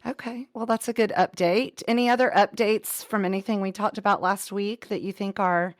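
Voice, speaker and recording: Teasing middle-aged mom, dry close mic. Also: female voice, mid-range voice, fairly even intonation, moderate pace, no echo. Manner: teasing, motherly, steers the talk with questions. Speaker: podcast co-host, mother. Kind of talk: casual chat.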